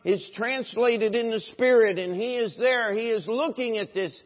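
Pastor, male, dramatic sermon delivery, fairly high voice, dull lo-fi recording with long hall reverb. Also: moderate pace. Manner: preaching with rising, dramatic emphasis and sudden hushed drops; reads scripture in an old, formal register. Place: church sanctuary.

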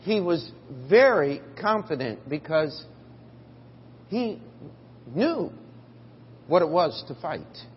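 A man's voice: on the high side, sing-song, slow pace, pauses often, slight background noise. Preacher man in an echoing hall. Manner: storytelling, swings from quiet to loud. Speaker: pastor. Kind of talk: sermon. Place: church sanctuary. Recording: dull audio in a reverberant hall.

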